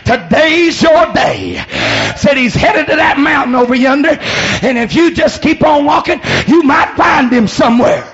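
A man preaching a shouted sermon in church, whooping and calling on the congregation to respond. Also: extremely high pitch, moderate pace, highs cut off, soft background music. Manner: hollers and whoops, calls for response. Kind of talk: shouted Pentecostal-style sermon with storytelling.

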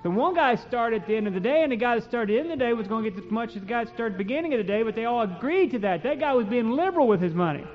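A male preacher with a strikingly high voice delivers a folksy, impassioned sermon and reads King James verses aloud. The sound is dull and lo-fi, and a long reverb trails through the church hall. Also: expressive, very fast, hardly any pauses.

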